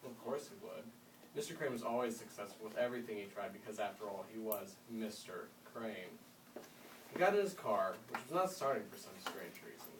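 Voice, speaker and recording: A man reading a story aloud to school classes, lively with dramatic swells, recorded from across a roomy indoor space. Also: mid-range voice, noisy background. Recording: roomy room, mic far off.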